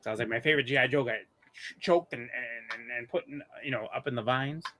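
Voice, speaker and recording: A man in his thirties at mid pitch, hosting a live stream in loose casual chat. He rambles, stumbles over his words and restarts often while telling stories. His pitch sits right in the middle for a man. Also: fast talker, bright, forceful tone. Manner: rambling, many restarts and fillers. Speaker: host of a live comics show.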